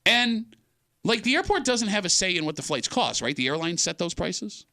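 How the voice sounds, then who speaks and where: A man's voice: high voice, normal speed, vocal fry, no echo, studio quality. A man hosting a casual radio talk show, teasing his co-hosts and steering the banter. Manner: animated, teasing, leads the discussion. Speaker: radio host. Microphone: studio microphone.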